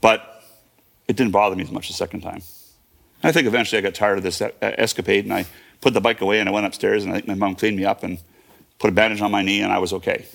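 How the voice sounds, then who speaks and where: Tell it fast, low and gravelly, like a man in his fifties reliving a childhood story. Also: fairly even intonation, a bit bright. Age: 50s. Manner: vivid present-tense retelling with fillers and restarts. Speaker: guest. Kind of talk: personal storytelling.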